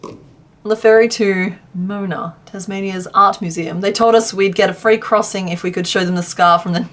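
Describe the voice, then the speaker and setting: A crochet streamer in her young adult years chats casually with viewers, reading their messages, laughing often and teasing herself. She speaks with a Western Australian accent from the southwest, in a medium-pitched, fairly bright voice.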